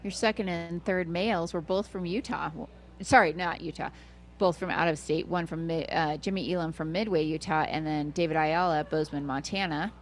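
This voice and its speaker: A woman's voice: low-pitched, steady tone, a little fast. Chatty woman commentating a race livestream. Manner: chatty, playful, self-correcting.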